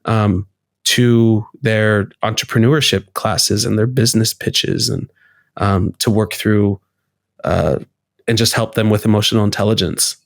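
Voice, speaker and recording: A man's voice: fairly even intonation, a little slow, creaky, dry recording, clean studio sound. Candid man talking loosely, swearing as he goes. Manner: reflective, casual and profane, acts out his inner voices with rising pitch. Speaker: podcast guest, poet. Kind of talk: candid conversational interview.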